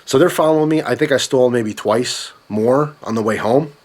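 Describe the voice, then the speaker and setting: A man's voice: mid-range voice, moderate pace, darkish tone. A young man telling a story in a vlog, swearing often and ranting with anger. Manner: profane, ranting. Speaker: vlogger.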